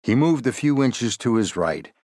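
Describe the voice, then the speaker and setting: Reading a thriller novel for an audiobook, a man with a mid-range voice narrates from a script in an even, measured storytelling style. The recording has studio quality and no room sound.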